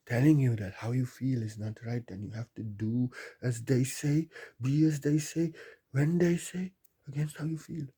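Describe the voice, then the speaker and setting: A man giving a spiritual talk, repeating phrases emphatically and building to loud bursts. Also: on the high side, slightly rough. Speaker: spiritual teacher.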